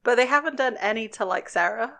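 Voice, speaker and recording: A woman co-hosting a podcast, casually talking through a TV episode, relaxed and quick to giggle. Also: fairly high pitch, gravelly. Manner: relaxed, giggly, thinks aloud. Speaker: podcast co-host. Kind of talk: casual chat about a TV episode.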